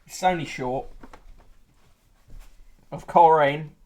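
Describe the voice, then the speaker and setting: A man's voice: on the high side, slow pace, darkish tone. A man hosting a podcast, reviewing newspapers casually with sardonic, sweary asides.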